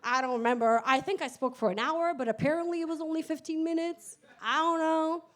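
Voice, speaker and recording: A woman founder telling her own story on stage in a candid, animated way, swearing and laughing as she goes. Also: sits high, brisk. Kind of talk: live stage storytelling talk. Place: event stage before an audience.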